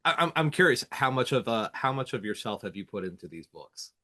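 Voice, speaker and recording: An excitable male podcast host whose voice swoops widely up and down as he reacts. He laughs often and wanders through his questions. His tone is casual and eager. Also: medium pitch, a little fast.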